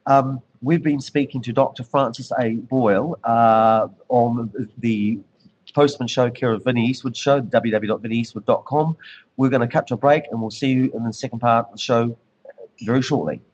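New Zealand man, husky voice, mid pitch, rapid rushed delivery, interview host. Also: fairly even intonation, a little mellow, lo-fi sound. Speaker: radio show host. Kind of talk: interview hosting.

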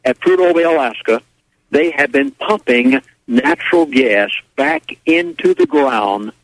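A man's voice: fairly high pitch, sing-song, a little slow, creaky, no room sound, poor audio. Rambling older man telling a story. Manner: rambling, with restarts and quoted dialogue. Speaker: radio show guest. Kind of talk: casual phone-in storytelling.

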